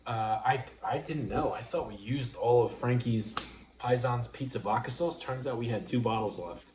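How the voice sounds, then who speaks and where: A man from New York hosting a casual livestream chat, rambling and halting as he talks. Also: mid-range voice. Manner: rambling, halting, full of restarts. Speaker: livestream host. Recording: roomy room with faint noise.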